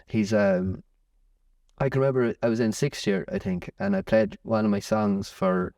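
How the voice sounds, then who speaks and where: A young Irish musician chatting in an interview, rambling with many restarts. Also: male voice, lowish voice, fairly even intonation, moderate pace, a little mellow, no room sound, studio quality, recorded from a distance. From Ireland. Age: young adult. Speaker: musician guest. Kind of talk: casual interview chat.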